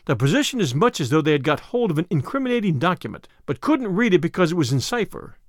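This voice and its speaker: A man reading aloud as a weary older male spymaster, measured and grave. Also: on the high side, very animated, no echo, clean studio sound.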